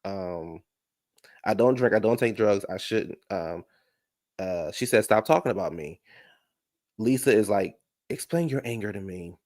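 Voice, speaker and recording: A man giving a sassy, gossipy casual recap of a reality show, talking back at the cast with a gravelly voice. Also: fairly low pitch, lively intonation, measured pace, pauses often, a little mellow, dry recording, studio quality.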